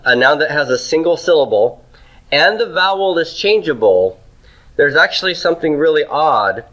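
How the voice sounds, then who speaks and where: The audio is poor, but the man's mid-range, sharp-toned voice comes through as he leads a Hebrew grammar class. He questions the students, supplies the answers himself, writes on the board while talking, and repeatedly checks in with "okay?" and "right?".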